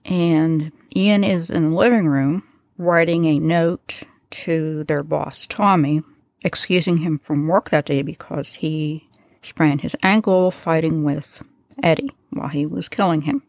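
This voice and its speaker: An American woman from the United States hosts a true crime podcast, retelling a case as casual storytelling full of asides and filler words. Her voice is low-pitched with a darkish tone, recorded in studio quality with no echo.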